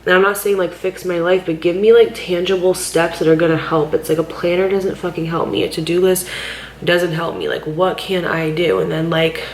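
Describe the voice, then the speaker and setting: A woman with a slightly low voice vents in a rambling, frustrated way, swearing freely and leaning on "like" as she talks. She sounds tearful and worn out. The room is roomy and echoey, with a faint hum of background noise behind her. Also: normal speed, darkish tone. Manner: rambling, frustrated, heavy swearing, many "like" fillers. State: tearful, overwhelmed. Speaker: vlogger. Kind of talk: candid personal vlog venting.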